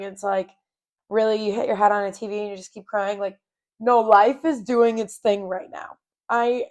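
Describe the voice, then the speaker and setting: A young adult woman hosting a podcast, telling a personal story in a candid, rambling way with self-mocking humor. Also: medium pitch. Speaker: podcast host. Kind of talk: casual personal storytelling monologue.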